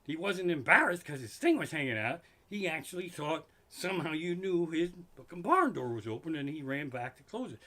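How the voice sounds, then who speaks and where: A man's voice: fairly high pitch, big pitch swings, brisk, few pauses, sharp tone. A middle-aged man, a stand-up comedian, doing an exasperated, profane comedy rant live from his living room. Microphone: microphone in front of him.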